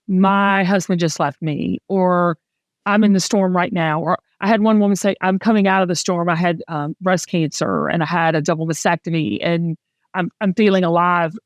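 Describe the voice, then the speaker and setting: A middle-aged woman with a Southern US accent, hosting a podcast in a chatty, animated storytelling way. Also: on the low side, dry recording. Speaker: podcast host. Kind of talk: casual chat.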